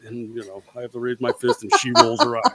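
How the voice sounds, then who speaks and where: A man co-hosting a casual podcast chat, swearing freely and acting out quotes in a loud, higher voice. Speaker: podcast co-host.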